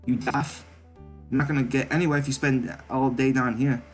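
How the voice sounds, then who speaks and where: A man's voice: mid-range voice, flat delivery, normal speed, soft background music, pitched above the performer's own voice, lightly acted. A man doing Thanatos, a cocky British creature. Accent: British, put on. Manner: blunt, slangy, brushes off questions. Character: cocky male creature, blunt and streetwise.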